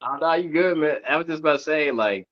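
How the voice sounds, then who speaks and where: A man co-hosting a casual wrestling podcast, speaking in a laid-back, measured way. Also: on the high side, no room sound. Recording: dull lo-fi mic.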